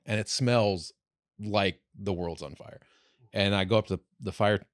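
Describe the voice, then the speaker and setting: A man's voice: on the low side, steady tone, measured pace, no room sound, clean studio sound. A man hosting a podcast, telling a long rambling story with plenty of swearing and restarts. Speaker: podcast host. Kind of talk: casual podcast chat.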